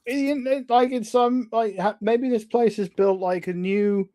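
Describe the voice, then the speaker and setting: A man's voice: sits high, fairly even intonation, unhurried, warm tone. A man playing a tabletop horror game, rambling with lots of fillers. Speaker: player. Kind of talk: casual tabletop play.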